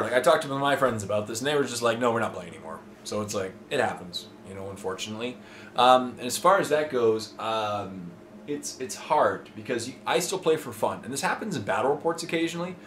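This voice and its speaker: A man's voice: medium pitch, a bit bright, a little hiss or hum. A man from Toronto hosting a casual Q&A, chatty and enthusiastic, rambling with fillers. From Toronto, Canada. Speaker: host answering viewer questions. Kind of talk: casual chat. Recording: roomy with faint ambience.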